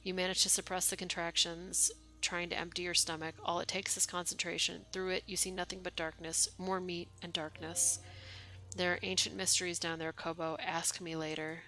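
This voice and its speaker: A woman streamer at home reads a game's lines aloud in a deadpan voice and breaks off for wry, swearing asides. Her voice is bright and forceful, pitched a little low. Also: normal speed. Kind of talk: reading game text aloud with casual commentary.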